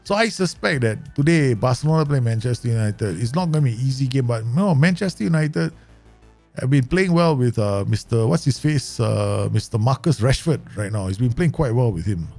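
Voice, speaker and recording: Man, southeast asian english accent, gravelly voice, lively pitch, chatty game streamer, faint music behind. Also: brisk. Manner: chatty, laughs easily, talks to himself and chat. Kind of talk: live game commentary.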